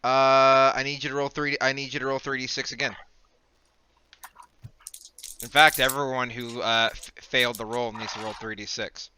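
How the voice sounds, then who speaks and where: A man running a tabletop game as game master, giving brisk rules calls and narrating scenes. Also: mid-range voice, flat delivery, sharp tone, smooth.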